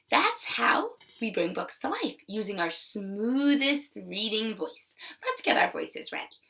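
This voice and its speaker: Woman teacher, children's reading lesson, lively bright voice, gravelly edges. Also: a little high, far from the mic. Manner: slow, expressive, encouraging.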